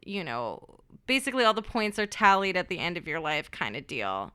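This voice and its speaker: Bright, clear woman co-hosting a podcast. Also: on the low side, sing-song, brisk, no room sound, clean studio sound. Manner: rambling, many fillers like "you know". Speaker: podcast co-host. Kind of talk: casual podcast chat.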